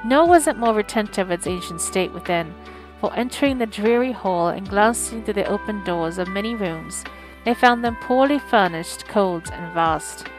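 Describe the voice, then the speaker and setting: A woman's voice: medium pitch, over music, low-quality recording. Woman reading a classic story aloud. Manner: measured, expressive storybook reading. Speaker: audiobook streamer. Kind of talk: scripted narration.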